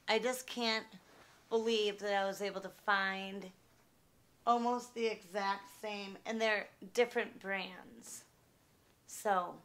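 A woman films a casual home vlog from her bedroom, talking slowly and without hurry. She often pauses on "um" and restarts her sentences. Her voice rings in the room's noticeable echo. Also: a little high, a bit bright. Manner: unhurried, with frequent ums and restarts. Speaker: vlogger.

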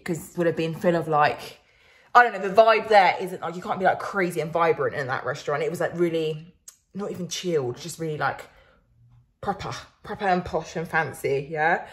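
A young woman from Finland with a Finnish accent, chatting casually in a vlog, swearing freely and laughing often. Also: medium pitch. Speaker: vlogger.

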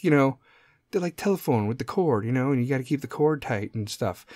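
On his solo podcast, a middle-aged host rambles through a profane, casual rant that keeps drifting into tangents. His pitch is fairly high with a darkish tone, captured dry in studio quality.

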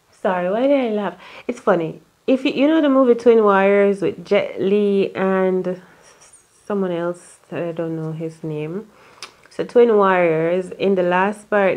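A woman's voice: medium pitch, a little mellow. A woman giving a casual tarot reading in a rambling, chatty way, full of fillers and asides. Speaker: tarot reader.

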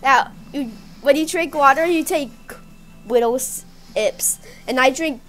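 High-voiced playful woman gaming. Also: takes it slowly, fairly bright tone, soft background music. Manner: playful, repeats herself. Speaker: gaming channel co-host. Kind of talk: casual gameplay chat.

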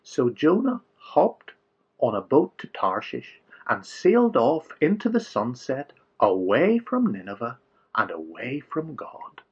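Male kids' storyteller, playful and exaggerated. Husky, lively pitch. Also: measured pace, highs cut off. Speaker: children's storyteller. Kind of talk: storytelling for children.

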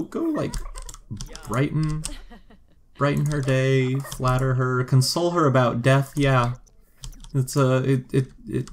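A man's voice: medium pitch, a little hiss or hum. A man giving casual, joking gameplay commentary and talking to the game characters as he plays. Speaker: gameplay video host.

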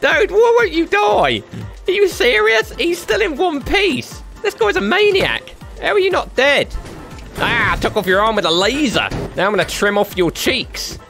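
A young man doing lively gameplay commentary, trash-talking with slang and laughing often. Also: very high-pitched, moderate pace, vocal fry, soft background music. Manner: rowdy, jokey trash-talk with slang and frequent laughter. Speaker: gaming YouTuber.

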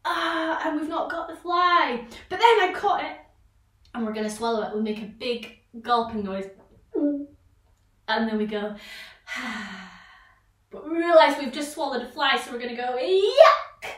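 A woman with a bright, fairly high voice guides children through a vocal warm-up, cheering them on and bursting into loud playful noises. She sounds a little away from the mic, in an echoey room. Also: animated, moderate pace, distant mic. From Scotland. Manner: encouraging, leads sound games with sudden loud exclamations. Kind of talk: online vocal warm-up lesson.

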